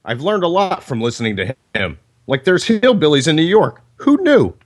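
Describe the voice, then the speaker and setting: A man's voice: fairly high pitch, sing-song, moderate pace. A man on a breaking-up internet call reads prepared roast jokes and chuckles between them. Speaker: caller reading roast jokes. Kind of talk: reading prepared roast jokes, laughing at his own lines.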